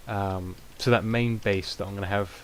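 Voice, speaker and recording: A man's voice: lowish voice, steady tone, moderate pace. A young British man giving rambling, self-mocking casual gameplay commentary, with many ums. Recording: noisy home recording.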